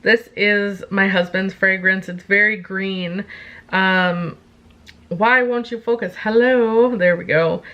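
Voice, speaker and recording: A woman's voice: medium pitch, fairly even intonation, slow pace, fairly bright tone, lo-fi sound. A young adult woman chatting casually to camera as a vlogger, rambling a little with frequent ums and self-deprecating asides. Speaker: beauty vlogger.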